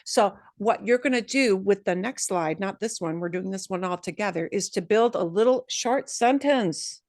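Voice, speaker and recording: A woman's voice: medium pitch, a little mellow, no room sound. A woman in the middle of her range teaches a beginner Spanish class. She draws out each word she wants students to copy and keeps things playful. The recording is dry and close, with no room sound. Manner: slow, drawn-out modeling of Spanish words, playful asides. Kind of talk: online language class.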